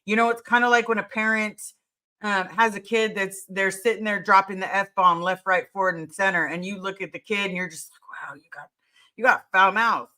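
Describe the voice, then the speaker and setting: A woman's voice: mid-range voice, steady tone, moderate pace, bright, forceful tone. A woman hosting a casual livestream, answering viewer questions in an earnest, emphatic way and repeating her key words.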